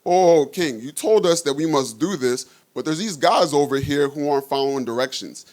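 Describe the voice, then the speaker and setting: A man's voice: a little high, normal speed, darkish tone, lightly acted. A man voicing royal astrologers who eagerly tattle to the king about three men. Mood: tattling.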